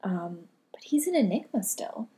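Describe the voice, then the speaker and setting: A woman co-hosting a casual chat, thoughtful and measured, with the odd filler. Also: mid-range voice, very animated, dark tone. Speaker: podcast co-host.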